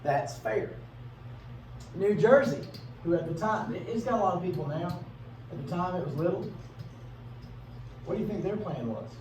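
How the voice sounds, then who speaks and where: Expressive and darkish, this high-pitched male teacher gives a relaxed classroom lecture, asking the class questions and acting out short bits in funny voices. It's captured from afar in an echoey room with faint background noise.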